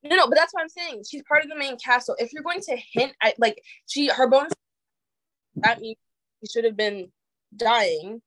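A woman's voice: fairly high pitch, normal speed, a bit bright, dry recording, poor audio. Argumentative woman, dry close sound. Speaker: podcast guest. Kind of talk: casual chat.

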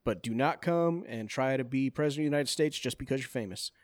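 A man co-hosting a casual podcast with friends, laughing often and protesting loudly when teased. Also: mid-range voice, quick pace, no room sound, clean studio sound. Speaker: podcast co-host. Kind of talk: casual chat.

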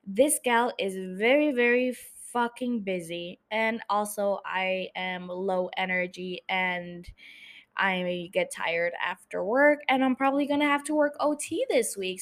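Young woman, podcast host, casual swearing chat, a little higher voice. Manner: chatty, swearing, laughing asides.

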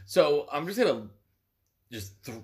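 A man's voice: a little high, very animated, unhurried, a little mellow. Laid-back man prompting his co-host. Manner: laid-back, prompting, lots of short agreements. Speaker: podcast co-host. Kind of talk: casual podcast chat.

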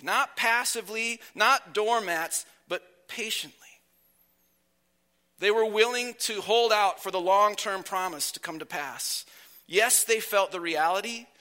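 Preacher, man, sick and slightly whiny, high bright voice, earnest and emphatic. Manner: earnest, emphatic preaching with slow drawn-out phrases. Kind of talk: sermon.

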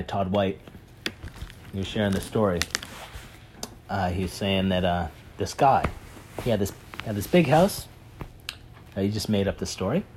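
A man telling a parable in a casual, animated way, with many fillers and repeats. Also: lowish voice, noisy background. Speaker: speaker retelling a parable. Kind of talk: animated storytelling talk.

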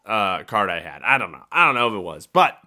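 A young man talks through a casual solo podcast, wandering off track and chuckling at himself. His voice sits low, yet it swings widely in pitch and has a bright edge. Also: very animated, brisk. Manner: rambling, self-interrupting, laughs at himself. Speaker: podcast host.

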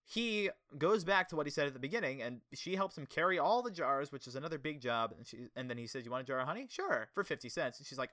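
Young guy, bright voice, super animated, dry close sound, laughs a lot while chatting. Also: on the high side, quick pace, no room sound. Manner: animated, laughs often, acts out quoted lines. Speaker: podcast co-host. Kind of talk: casual chat reviewing a kids' show episode.

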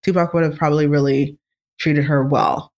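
Excitable fan vlogger, rambling casual chat, mid pitch. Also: normal speed.

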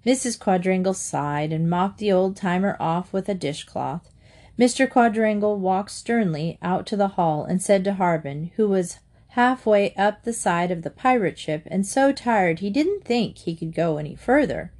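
A woman narrating a children's storybook in a lively, expressive way. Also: medium pitch, normal speed.

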